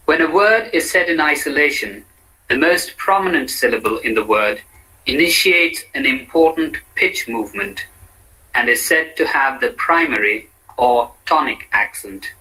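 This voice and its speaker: A man reading a pronunciation lesson, modeling each word slowly and carefully. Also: medium pitch, sharp tone, low-quality recording. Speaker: language course narrator. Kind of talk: scripted instructional narration.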